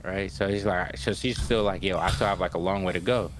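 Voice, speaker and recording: Animated young man recapping anime. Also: low-pitched, a little fast, noisy background. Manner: animated retelling, acts out characters' lines with "yo" and "right?". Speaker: podcast co-host. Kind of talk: casual recap of an anime episode.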